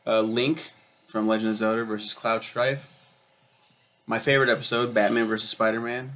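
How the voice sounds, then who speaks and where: A man's voice: lowish voice, flat delivery, moderate pace, a bit bright. A young man chatting casually as he reviews a show, rambling with lots of ums and uhs and swearing freely. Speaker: video reviewer. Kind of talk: casual chat.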